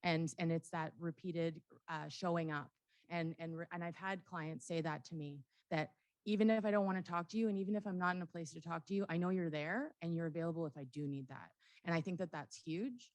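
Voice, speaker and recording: A woman's voice: lowish voice, fairly quick, no room sound. A woman clinician in a workshop discussion, speaking earnestly with repeated restarts.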